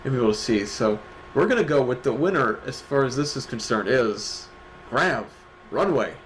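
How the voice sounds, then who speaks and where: A Midwestern man co-hosting an awards stream, his voice swinging up and down with lively, bouncing inflection. He teases and jokes through casual banter at a middle pitch, with a faint hiss of noise underneath. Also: normal speed. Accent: Midwestern American. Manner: joking, teasing, animated. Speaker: stream co-host presenting awards. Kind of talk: casual chat.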